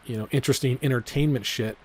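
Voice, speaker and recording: A man's voice: mid-range voice, quick pace, a little mellow. A man giving casual commentary on his trading vlog, rambling and profane, full of filler words and repeating himself. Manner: repeats his disclaimers over and over. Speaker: trading vlogger.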